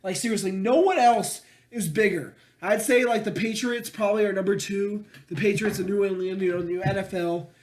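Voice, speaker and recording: A man's voice: high-pitched, a little fast, hardly any pauses. A young man, a podcast co-host, ranting in casual, profane sports chat, mocking and chanting names in a sing-song.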